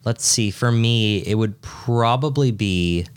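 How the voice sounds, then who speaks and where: A man co-hosting a podcast in casual chat, with a dry, joking and drawn-out delivery. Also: lowish voice, smooth. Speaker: podcast co-host.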